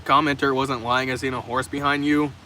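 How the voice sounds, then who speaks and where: A young man live streams from his car's open trunk while it rains, delivering a casual, profane, rambling chat in reply to viewers' comments. His mid-range voice is flat, a little fast, pushed, and bright, and he often stumbles and starts sentences again. Faint rain and passing traffic are heard behind him.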